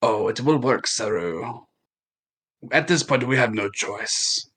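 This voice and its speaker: A man voicing a calm, scheming noble. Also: mid-range voice, slow pace, breathy edge, full character voice. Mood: cold.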